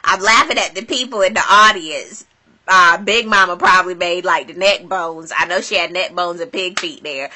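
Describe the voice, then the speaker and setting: A woman's voice: lowish voice, normal speed, pushed and bright. A woman vlogger giving casual, sassy commentary, acting out quotes dramatically. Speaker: vlogger recapping a reality show.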